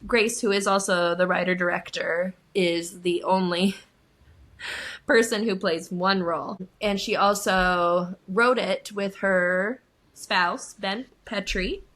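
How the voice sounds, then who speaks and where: Bright-toned young woman co-host, giggly and chatty, casual movie talk. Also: medium pitch, fairly even intonation, slow. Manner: giggly, chatty, lots of laughing. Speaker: podcast co-host. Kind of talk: casual film chat.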